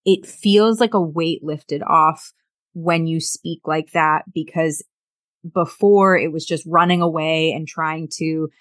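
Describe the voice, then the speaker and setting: A woman's voice: low voice, fairly even intonation, slow pace, no room sound, studio quality. A middle-aged woman talking earnestly in a casual conversation, often repeating words and acting out lines from family life. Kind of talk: casual conversation about sobriety.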